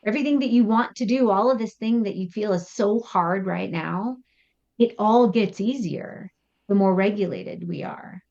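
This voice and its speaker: Woman psychotherapist guest, mid-pitched and animated, explaining with acted examples, slightly muffled remote audio. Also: moderate pace. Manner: animated, acts out example thoughts in quotes. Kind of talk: explanatory podcast interview.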